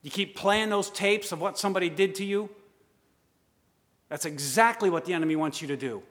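A man preaching a sermon, swinging from loud urging to hushed asides. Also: high voice, brisk. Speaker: pastor. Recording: long hall reverb.

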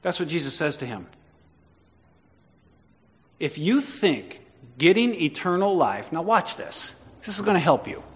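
A man's voice: on the high side, very animated, a little slow, long pauses. A male pastor preaching a sermon, talking with the congregation and building to emphatic repeated declarations. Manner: conversational, questions the congregation. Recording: long hall reverb.

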